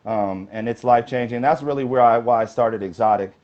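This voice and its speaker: As an interview guest, a man spins long, rambling casual stories, filling gaps with "you know." His mid-range voice moves fairly quickly, and the lo-fi recording sounds slightly dull.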